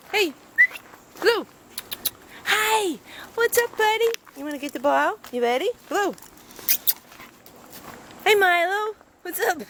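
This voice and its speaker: A woman's voice: extremely high pitch, fairly bright tone. A woman at a kennel talking to dogs in coaxing, praising baby talk. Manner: sing-song, coaxing, praising. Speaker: kennel worker playing with dogs. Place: dog kennel play area. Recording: noisy with dogs around.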